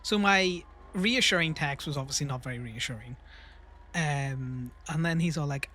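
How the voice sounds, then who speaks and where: A man's voice: fairly high pitch, normal speed, sharp tone. Rambling man with a raised voice. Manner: rambling, laughing, swears freely, many fillers. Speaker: streamer. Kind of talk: casual storytelling while livestreaming a game.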